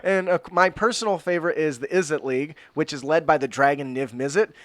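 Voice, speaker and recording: A man's voice: on the high side, fairly quick, a bit bright. A man co-hosting a podcast, chatting casually, joking and tripping over fantasy names as he reads. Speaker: podcast co-host. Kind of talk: casual chat reading setting notes.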